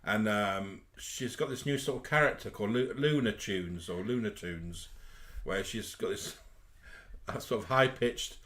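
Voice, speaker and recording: A man's voice: lowish voice, a little slow, a bit bright. A man co-hosting a live chat show, gossipy and theatrical in casual talk.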